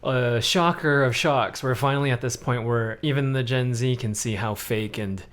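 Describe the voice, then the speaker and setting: A woman's voice: extremely low pitch, normal speed. A woman co-hosting a podcast in casual chat, making wry, sardonic quips. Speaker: podcast co-host.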